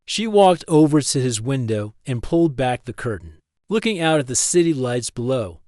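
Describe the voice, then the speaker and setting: A man narrating a scripted story in a steady, even storytelling manner. His voice is mid-pitched and sounds dry and close to the mic, with no room sound. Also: normal speed, no room sound.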